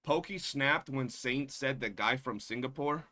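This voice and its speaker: A man's voice: medium pitch, unhurried, sharp tone. A young man streaming, chatting casually in slangy, profane rants and mocking the people he talks about. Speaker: streamer reacting to drama. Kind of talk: casual reaction stream chat.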